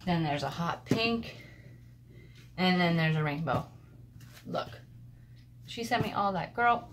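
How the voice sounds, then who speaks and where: Excitable woman gushing over craft goodies, slow unhurried talk, lowish voice, faint hiss behind her. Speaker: crafting vlogger. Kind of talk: casual show-and-tell of craft mail. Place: home craft desk.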